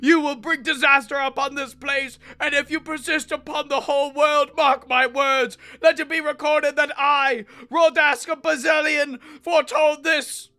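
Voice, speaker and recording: A woman voicing a pompous, self-righteous male priest who shouts and rants indignantly, reading a book aloud. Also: high voice, expressive, normal speed, hardly any pauses, voice pushed up, exaggerated voice. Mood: ranting.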